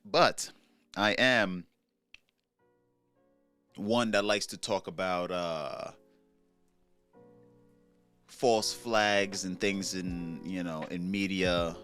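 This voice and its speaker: A man's voice: deep voice, a bit bright. A young man with a New York accent hosting a solo commentary show, laid-back and slangy, stretching out words for emphasis. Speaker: commentary channel host.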